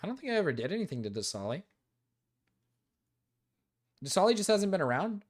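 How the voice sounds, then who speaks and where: A man streaming live, chatting casually with his viewers, animated and swearing freely while repeating himself. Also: high-pitched, brisk. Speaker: streamer reacting to chat. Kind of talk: casual livestream chat.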